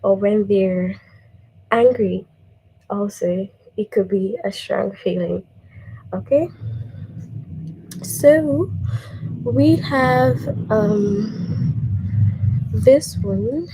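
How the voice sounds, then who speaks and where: A woman's voice: mid-range voice, extremely slow, pauses often, noisy background. A woman teacher giving a patient grammar lesson to young children, checking in with "okay?" and reading example sentences aloud.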